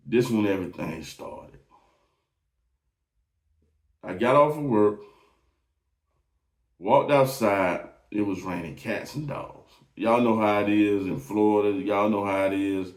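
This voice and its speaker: A man, hosting and telling a personal testimony in an emotional, repetitive way. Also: on the low side. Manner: emotional, drawn-out storytelling with repeated phrases. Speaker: host. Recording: echoey room, voice from a distance off the mic.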